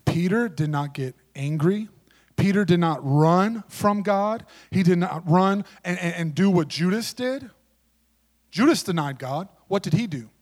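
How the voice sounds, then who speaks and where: High voiced guy preaching a sermon, emphatic, goes loud then quiet. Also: a little slow. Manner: emphatic, swings between loud and hushed.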